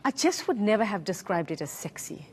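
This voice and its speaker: Woman anchor, chatty banter, lively pitch. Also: a little fast, breathy edge. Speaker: news anchor. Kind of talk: morning news banter.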